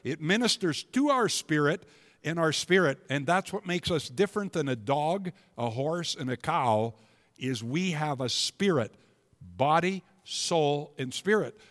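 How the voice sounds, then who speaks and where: A man preaching a sermon in a church, emphatic and building to loud, declaiming passages. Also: a little high, expressive, a little slow. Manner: emphatic, rising to loud proclamations. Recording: long hall reverb.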